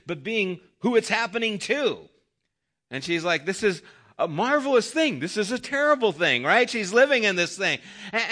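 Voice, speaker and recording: A man preaching a sermon, his voice sitting a little high and sounding bright and forward. He retells a story, dropping softer whenever he voices the thoughts of the person in it. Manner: retells a story, voicing quoted thoughts softly. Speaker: pastor.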